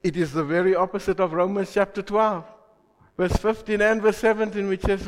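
A man preaching a sermon who keeps asking his congregation questions and swings between loud emphasis and quiet asides. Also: high voice, fairly even intonation, fairly quick, long reverb tail. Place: church.

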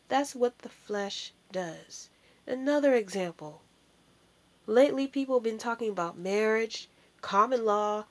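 A woman's voice: on the high side, gravelly. A woman giving an informal sermon, emphatic and full of rhetorical questions. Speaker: preacher.

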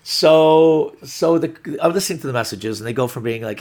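A man's voice: medium pitch, moderate pace. A man, a comedian, telling a rambling anecdote in casual chat, acting out quotes and restarting sentences. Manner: rambling, animated storytelling with restarts and acted-out quotes. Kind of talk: storytelling on a podcast.

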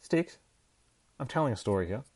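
A man's voice: medium pitch, normal speed, very noisy. A man hosting a podcast, recapping a horror comic in a casual, laughing, profane way. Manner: laughing, profane, animated storytelling. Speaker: podcast host.

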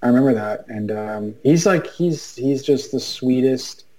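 A man's voice: mid-range voice, measured pace, a crowd in the background, rough recording. A man, a writer and guest, talking casually over a video call, rambling with many fillers and restarts. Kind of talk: casual chat.

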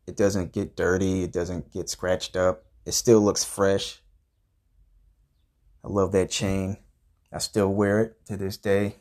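A man hosting a comedy podcast, telling a crude, profane story in a rambling, deadpan way and grumbling about everything. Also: deep voice. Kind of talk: improvised comedic monologue.

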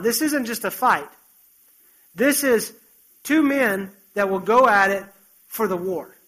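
A man with a notably high voice preaching a sermon. He tells the story in an animated, chatty way and breaks off for conversational asides to his listeners. His delivery moves between plain retelling and earnest exhortation. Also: poor audio.

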